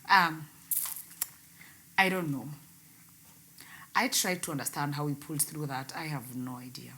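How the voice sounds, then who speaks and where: A young woman telling her painful personal story in an interview, her voice swinging between loud outbursts and hushed words. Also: deep voice, unhurried, pauses often. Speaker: guest, radio host.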